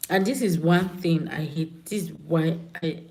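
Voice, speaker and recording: A woman's voice: low-pitched, a little slow, mellow. A woman hosting a casual livestream, chatting with viewers and greeting them by name. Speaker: livestream host.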